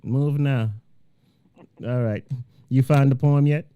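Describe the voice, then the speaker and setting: A man's voice: medium pitch, steady tone, slow pace, smooth, dry recording, phone-quality sound. A man hosting a live radio talk show who speaks emphatically and repeats phrases for stress.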